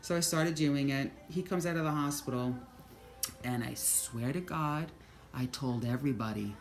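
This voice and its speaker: A woman vlogger telling a spiritual story in casual, profane talk, moving between hushed and excited. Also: a bass voice, moderate pace, roomy sound, soft background music.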